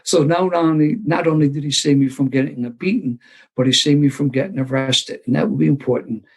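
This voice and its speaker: Older Philly man, sixties, husky gravelly voice, animated self-deprecating storyteller at a meeting. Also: on the high side, brisk, low-quality recording. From Philadelphia area. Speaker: recovery meeting speaker. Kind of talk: storytelling talk to a live audience.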